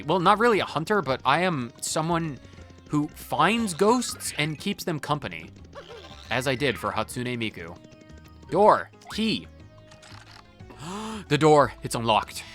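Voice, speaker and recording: A playful let's play host chatting through a game with a goofy streak. The pitch bounces around a lot, and soft game music plays beneath. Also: very animated, measured pace, long pauses. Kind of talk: casual gameplay commentary. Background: faint game music.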